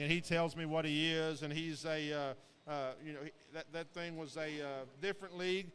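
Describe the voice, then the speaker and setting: A man's voice: a little high, steady tone, moderate pace, fairly bright tone, clean tone. A man doing rambling, folksy live commentary at a show pig sale, full of fillers and restarts. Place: livestock sale barn. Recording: long echo of a large hall.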